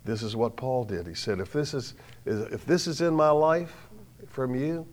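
A middle-aged man with a drawl delivers a sermon in a mid-range voice. He tells folksy personal stories, punching some lines loudly and letting others fall quiet. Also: mid-range voice, measured pace. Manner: folksy, animated storytelling with sudden loud bursts and quiet drops. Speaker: preacher.

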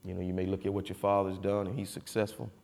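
A man, a former football player giving a folksy, animated testimony with a preaching cadence. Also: sits low, fast, gravelly. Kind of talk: storytelling speech. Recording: long reverb of a hall.

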